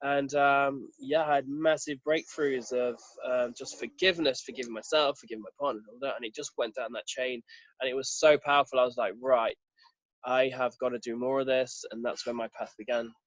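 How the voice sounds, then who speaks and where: A man's voice: mid-range voice, a little fast, dry recording. Guy telling his story on a podcast, earnest, acts out what people said, dry slightly muffled sound. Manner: earnest, animated retelling with quoted dialogue. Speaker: podcast guest. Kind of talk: casual personal storytelling.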